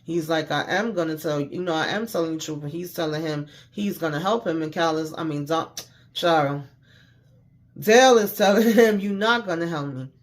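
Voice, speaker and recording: Talking fast with few pauses in a slightly high voice, a man recaps a TV episode in casual slang. He retells scenes by quoting the characters and curses mildly.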